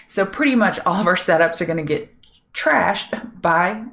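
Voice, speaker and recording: A middle-aged woman hosts a live trading show with a low voice that sounds a little scratchy today. She chats with viewers by name and thinks aloud as she looks over charts. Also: expressive, moderate pace, gravelly, fairly bright tone. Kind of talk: live market prep chat with viewers.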